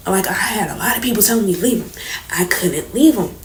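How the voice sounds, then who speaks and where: A woman's voice: mid-range voice, animated, fairly quick. A young woman telling a personal story in a casual, candid vlog, slangy and swearing as she goes. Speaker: vlogger telling her story. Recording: roomy echo, faint background noise.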